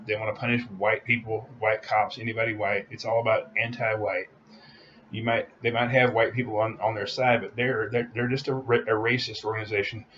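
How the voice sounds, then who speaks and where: Guy ranting to camera, heated and repeating himself, mid pitch, kinda muffled audio. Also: fairly bright tone, slight background noise. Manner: heated, repetitive, emphatic. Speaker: vlogger. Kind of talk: opinion rant to camera.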